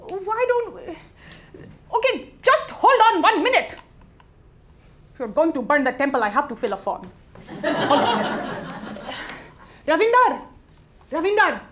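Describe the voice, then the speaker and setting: With a high-pitched voice swinging widely and a brisk pace, a woman performs a flustered older temple lady with a foreign accent in a live comedy monologue. Full of fillers and halts, she patiently mothers the phone caller like a nosy aunt, with slight background noise behind her.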